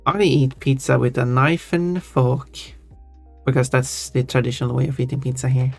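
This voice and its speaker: A man hosting a livestream, answering chat casually in a halting way and chuckling. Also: medium pitch, level tone, gravelly, darkish tone. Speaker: livestream host. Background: faint background music.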